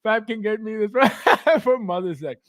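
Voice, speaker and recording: A man hosting a casual livestream, reading viewer comments and talking straight to his chat, excitable and quick to laugh. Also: high-pitched, no echo, studio quality. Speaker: livestream host and toy collector.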